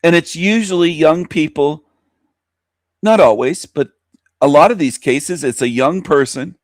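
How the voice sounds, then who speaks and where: A man's voice: on the high side, lively intonation, measured pace, dry recording, clean studio sound. Swearing, heated male radio host. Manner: heated, swearing, repeats himself. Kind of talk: angry profane radio rant.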